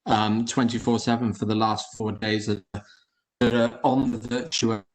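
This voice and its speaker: An unhurried man with a lowish voice and flat delivery shows off his hotels on a video call from home or an office in London. As the hotel group's founder, he keeps the presentation casual, chatty and friendly, often repeating himself.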